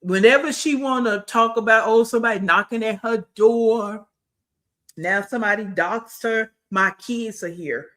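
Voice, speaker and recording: A woman's voice: fairly high pitch, moderate pace, a bit bright. Give me a blunt woman commentator on a livestream, scolding and chatting with viewers. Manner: blunt, scolding, repeats phrases for emphasis; greets and talks to live chat.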